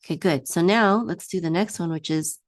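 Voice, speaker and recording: A woman teaching a one-on-one Hebrew reading lesson, patiently singing each word out slowly for her student to repeat. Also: on the low side, no echo, clean studio sound.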